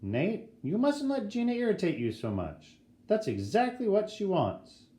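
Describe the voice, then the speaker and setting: A man's voice: high-pitched, wildly swooping pitch, measured pace, warm tone, voice pushed up, heavily acted. A man voicing a chatty, motherly woman at a school, gossipy and kindly. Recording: roomy echo.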